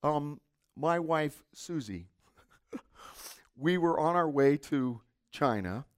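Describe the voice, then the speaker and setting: A middle-aged man preaching a sermon, telling stories expressively and dropping into soft asides. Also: on the high side, expressive, takes it slowly. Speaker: pastor.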